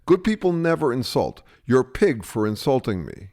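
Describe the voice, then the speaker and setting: A man playing a smug, hypocritical bully who brushes off every charge and turns it back on the other person. His pitch swings widely as he blusters and lectures, sure he is always right. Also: very animated, moderate pace, darkish tone, close to an everyday voice. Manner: blustering, dismissive, self-righteous. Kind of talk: satirical two-man sketch dialogue.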